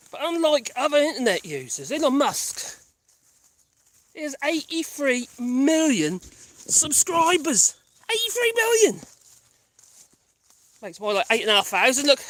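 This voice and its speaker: A woman's voice: fairly high pitch, fairly bright tone. Breathless, chatty woman. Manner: rambling, chatty, laughs often. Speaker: vlogger. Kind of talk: casual chat while walking. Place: outdoors on a country path.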